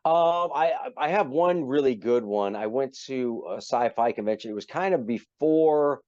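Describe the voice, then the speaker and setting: Animated middle-aged man telling a story. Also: mid-range voice, moderate pace, no room sound, lo-fi sound. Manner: animated, acts out voices in his anecdote. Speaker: podcast guest, actor. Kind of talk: storytelling in a casual interview.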